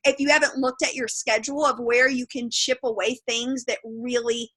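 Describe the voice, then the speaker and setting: High bright-voiced woman on a zoom call, blunt pep talk to her team. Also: level tone, moderate pace, slightly rough. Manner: blunt, emphatic, forceful motivational delivery. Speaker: team leader speaking to her sales team. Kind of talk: motivational talk on a video call. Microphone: video call.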